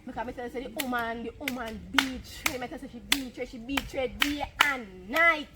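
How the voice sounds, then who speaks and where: Boastful Jamaican woman, high voice. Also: fairly quick, heavy background noise. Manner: jealous, boastful. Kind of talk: Jamaican patois film dialogue.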